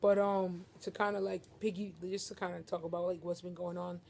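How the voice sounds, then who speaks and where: A woman's voice: lowish voice, flat delivery, a little fast, gravelly, a little mellow. A young woman vlogging casually from her living room couch, joking and talking straight to her viewers. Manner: joking, playful, addresses viewers as y'all. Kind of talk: casual chat to camera.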